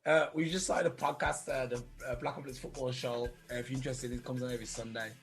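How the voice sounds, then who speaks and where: A man's voice: mid-range voice, steady tone, quick pace, faint music behind. A man co-hosting a podcast in casual chat, who explains at length and tries out foreign phrases. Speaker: podcast co-host.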